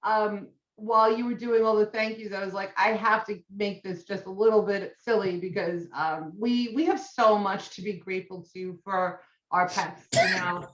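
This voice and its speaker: A woman's voice: medium pitch, steady tone, normal speed, hardly any pauses. A woman co-hosting a podcast in casual chat, chatty and playful, with lots of fillers. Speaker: podcast co-host. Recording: echoey, dull-sounding room.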